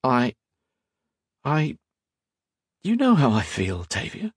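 A man voicing an earnest, shy young man who speaks in a hesitant, halting way. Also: mid-range voice, wildly swooping pitch, breathy edge, dry recording, clean studio sound, pitched above the performer's own voice, full character voice.

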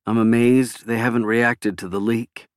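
A man's voice: medium pitch, flat delivery, a little slow, no echo, clean studio sound, close to an everyday voice. A man voicing a shrewd, guarded female former president who speaks coolly. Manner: cool, unconcerned.

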